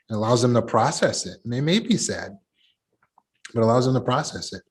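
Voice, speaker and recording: Coaching a support group over a video call, a middle-aged man works through examples with animated energy. His voice sits at a medium pitch, runs a little fast, and carries a breathy edge.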